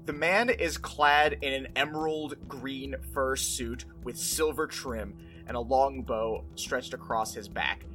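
A game master narrating a tabletop game in a measured, dramatic way with pauses. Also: mid-range voice, fairly bright tone, faint music behind.

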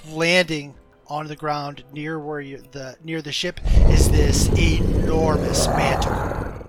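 A man running a tabletop game as game master, narrating in a relaxed, loose way with many fillers. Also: on the high side, slow, over music.

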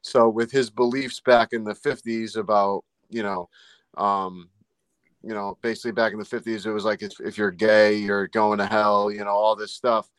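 A man's voice: lowish voice, flat delivery, normal speed, fairly bright tone, clear, resonant tone, no room sound. Rambling man musing on a podcast. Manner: rambling, musing, many fillers. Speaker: paranormal podcast host. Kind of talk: casual chat.

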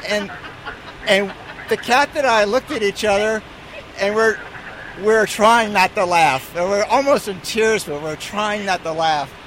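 A man's voice: high-pitched, a little slow, slight background noise, low-quality recording. A man who is an airline pilot, casually telling an amused anecdote with a few restarts. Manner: relaxed storyteller, amused, some restarts.

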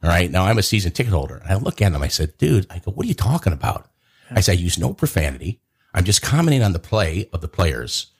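A man spins a long story in a casual chat. His voice is low and husky, and his pitch swings widely whenever he acts out what people said. He talks like a host who enjoys the telling. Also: fast talker. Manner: animated, acts out quotes in a raised voice.

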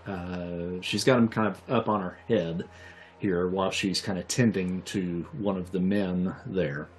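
A man narrating a tabletop game as game master, describing scenes in a relaxed way with many fillers. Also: deep voice, measured pace, a little hiss or hum.

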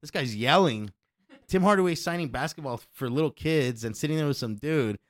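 A man's voice: fairly high pitch, a little fast, no echo. Profane storytelling man, dry close sound. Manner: profane, animated, acts out quotes loudly. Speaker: DJ telling a story. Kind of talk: casual storytelling chat.

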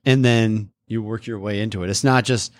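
A man's voice: fairly low pitch, fairly even intonation, moderate pace, dry recording, clean studio sound. A man in his thirties from the upper Midwest, co-hosting a casual chat and telling meandering stories with lots of restarts. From upper Midwest, USA. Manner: rambling, self-interrupting storyteller. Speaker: podcast co-host.

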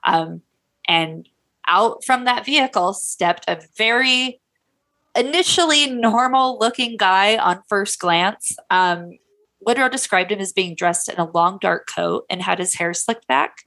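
A woman's voice: mid-range voice, a bit bright. English woman, podcast co-host, casual chatty storyteller with fillers.

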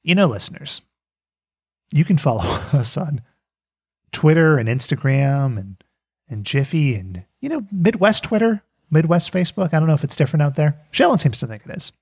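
A man's voice: fairly high pitch, sing-song, normal speed, darkish tone, breathy edge. A man hosting a podcast in casual chat, joking and laughing often. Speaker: podcast host.

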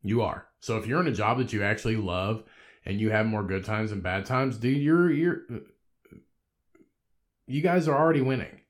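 A man in his thirties talking alone on his podcast with a somewhat low voice. He rambles in a laid-back, conversational way, swears nearly every sentence and breaks into laughs. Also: normal speed, pauses often. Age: 30s. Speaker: podcast host. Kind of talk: solo podcast monologue.

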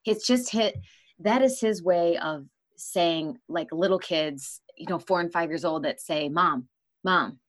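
A woman hosts a podcast in a casual interview style, speaking frankly and conversationally and often laughing mid-sentence. Her voice is lowish and darkish, at a measured pace.

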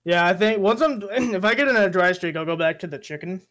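A young man chatting casually with friends, laughing often as he reads jokes out loud. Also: high voice, brisk. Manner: laughs often, animated reading. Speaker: group member reading AI jokes. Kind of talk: casual chat.

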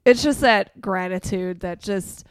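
A woman's voice: mid-range voice, a little slow, smooth, no echo, clean studio sound. A woman on a casual podcast, bawdy and playful, laughing a lot. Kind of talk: casual chat.

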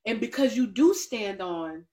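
A woman with a slightly high voice talks through a personal faith story on a podcast. She tells it. Her telling is animated, and she acts out the lines that were said to her. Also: a little slow. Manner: animated, storytelling with acted-out quotes. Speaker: podcast co-host. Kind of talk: casual faith discussion.

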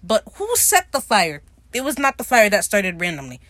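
A woman's voice: medium pitch, wildly swooping pitch, normal speed, a bit bright, dry recording. A woman hosting a casual podcast, recapping a TV episode in a chatty, profane way with frequent laughs. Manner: chatty, swears freely, laughs often.

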